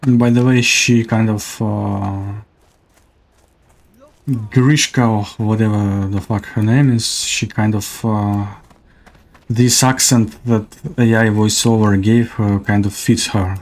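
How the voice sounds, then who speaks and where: A man's voice: on the low side, steady tone, slow. A man giving casual, hesitant gameplay commentary as a streamer. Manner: hesitant, many fillers.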